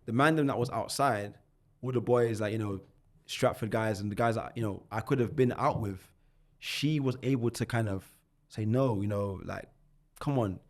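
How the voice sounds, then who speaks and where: A podcast guest from London, a man in his twenties, walks through his life story using plenty of slang and lots of energy. He speaks at a moderate pace with medium pitch, often restarting and repeating words.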